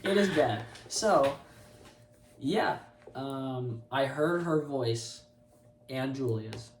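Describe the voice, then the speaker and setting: Animated young man, roomy far-off sound. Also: mid-range voice, drawn-out words, slight background noise. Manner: animated, self-mocking, laughs often. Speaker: co-host of a couple's channel. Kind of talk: casual storytelling to camera.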